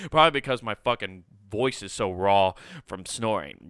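A man hosts a casual podcast, rambling enthusiastically and swearing freely. His voice sits fairly low, yet it comes across bright and clean. A dry, close mic catches every word. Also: animated, a little fast, few pauses, clear, resonant tone, dry recording. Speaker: podcast host. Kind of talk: casual chat.

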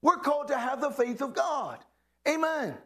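A man's voice: extremely high pitch, expressive, normal speed, a bit bright. A male pastor preaching a sermon to a congregation, calling out questions and exclamations. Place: church hall with a congregation.

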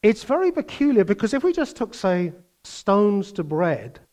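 Sitting high in pitch at a moderate pace, an older man preaches with animation. He moves between loud bursts and quiet asides and mimics other people's voices.

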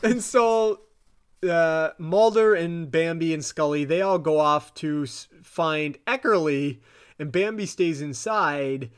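A man co-hosting a podcast, casually retelling a TV episode with animated asides and frequent laughter. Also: slow, smooth. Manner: animated retelling, acts out quotes in high voices, laughs often. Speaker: podcast co-host. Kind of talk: casual recap chat.

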